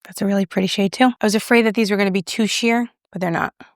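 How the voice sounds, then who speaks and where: A woman's voice: medium pitch, fairly even intonation, rapid-fire, no room sound, studio quality. A young woman casually reviewing makeup, chatty and self-deprecating as she applies it on camera. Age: young adult. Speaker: beauty YouTuber.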